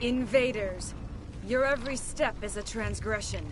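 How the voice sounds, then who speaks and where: A woman's voice: on the high side, moderate pace, noisy background, close to an everyday voice. A woman voicing an ancient plant hive-mind's herald. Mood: ominous. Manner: solemn, grandiose proclamations. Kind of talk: video game voice acting.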